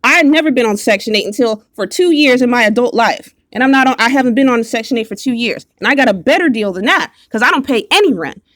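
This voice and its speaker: A woman's voice: on the high side, animated, quick pace, hardly any pauses, a bit bright, dry recording, clean studio sound. Woman ranting, profane and mocking. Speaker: vlogger. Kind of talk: angry direct-to-camera rant.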